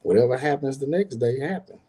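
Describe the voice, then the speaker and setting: A man's voice: medium pitch, animated, fairly quick, warm tone, slightly rough. A man telling a personal story in casual talk, rambling and repeating words, acting out the people he quotes. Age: adult with grown son.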